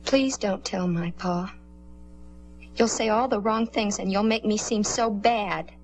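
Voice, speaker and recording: A woman's voice: medium pitch, a little slow, a little hiss or hum, lightly acted. An actress playing a troubled teenage girl in a 1950s television drama, pleading and insisting on her innocence. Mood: defensive, pleading. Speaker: daughter accused of starting fires.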